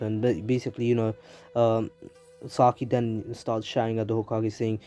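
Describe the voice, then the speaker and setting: Young London male host, low voice, loose chatty recap style. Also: level tone, normal speed, dark tone, soft background music. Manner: rambling, heavy on fillers and restarts. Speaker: YouTube anime channel host. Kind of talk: casual story recap. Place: home in a city, traffic sirens outside.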